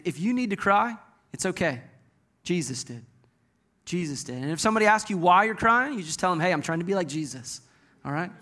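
A man in his thirties preaching a sermon as a pastor, in a folksy, joking and animated way. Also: high-pitched.

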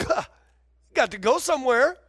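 Male pastor with a very high voice, animated sermon delivery, calls out to the congregation, dry close sound. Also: slow, slightly rough, dry recording.

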